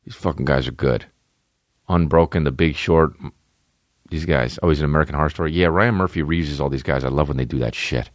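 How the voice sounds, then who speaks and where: A man in his thirties hosting a podcast from home, rambling in a casual, profane, animated way with lots of restarts. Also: very deep voice, a little fast, dry recording, clean studio sound. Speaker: podcast host. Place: at home, dogs nearby. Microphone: podcast microphone.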